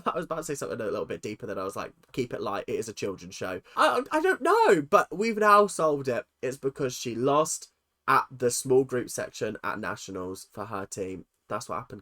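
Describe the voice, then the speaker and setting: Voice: mid-range voice, very animated, moderate pace, fairly bright tone. A reaction video host giving chatty, rambling commentary, laughing often and swearing casually.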